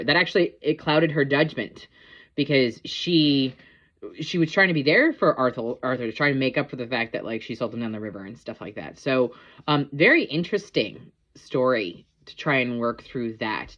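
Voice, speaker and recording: A woman's voice: a bass voice, highs cut off. A woman casually reviewing a TV episode, rambling with lots of ums and likes. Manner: rambling, filler-heavy, chatty.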